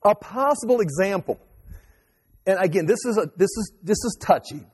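A man preaching a sermon, telling a scripture story with animated acted-out quotes. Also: sits high, normal speed, husky. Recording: long hall reverb.

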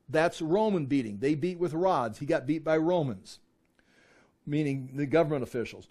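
Guy leading a bible study, kinda higher voice, talks loose and restarts a lot. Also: expressive, moderate pace, mellow. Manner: conversational, reads scripture then explains, frequent restarts.

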